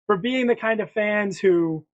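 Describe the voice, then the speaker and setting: A man's voice: sits high, unhurried. A man hosting a sports prediction podcast, chatting casually in a presenting style, often restarting his sentences. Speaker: podcast host. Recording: dull lo-fi sound.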